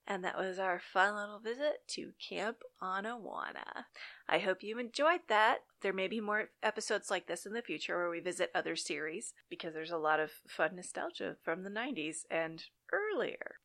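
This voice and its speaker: A woman's voice: on the low side, creaky, fairly bright tone. A young woman hosting a podcast, recapping an old TV episode in a chatty, enthusiastic, nostalgic way. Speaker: podcast host.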